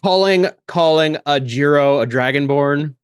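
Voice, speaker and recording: A woman's voice: low-pitched, measured pace, smooth, no room sound, clean studio sound. A woman player at a tabletop game, chatting eagerly. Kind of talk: tabletop role-play chat.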